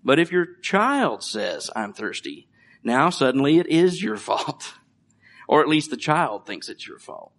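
Man, middle-aged, pastor, sermon, relaxed, joking, conversational. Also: a little high, a little slow, creaky. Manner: conversational, with light jokes and laughs.

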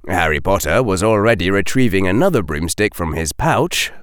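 Deep-voiced expressive male audiobook narrator. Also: moderate pace, clear, resonant tone, no room sound, clean studio sound.

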